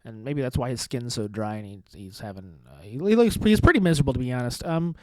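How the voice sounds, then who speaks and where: A man hosting a solo comedy podcast, rambling in a deadpan, sarcastic way with swearing and restarts. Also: mid-range voice, fast talker, no echo. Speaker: podcast host.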